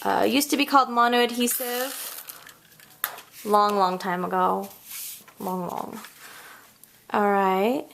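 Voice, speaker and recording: A woman in her thirties hosting a casual card-making tutorial, bubbly and chatty, squealing when she gets excited. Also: medium pitch, slow, creaky, long pauses, a little hiss or hum. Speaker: crafting tutorial host.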